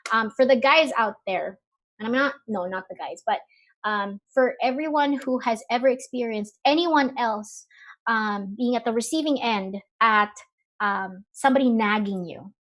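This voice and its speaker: A woman from the Philippines presents a live webinar in a relaxed, chatty way. Her voice sits a little higher than most, and she leans on fillers and asks her listeners rhetorical questions. She sounds like she is talking into a computer microphone. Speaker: webinar speaker.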